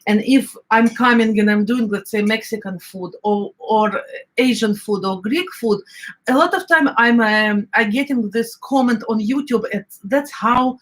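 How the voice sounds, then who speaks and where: A woman's voice: fairly high pitch, a little slow, rough recording. Middle-aged woman, eastern european accent, casual cooking chat, lots of ums while she looks for words. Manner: chatty, searching for words, many fillers. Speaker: home cook.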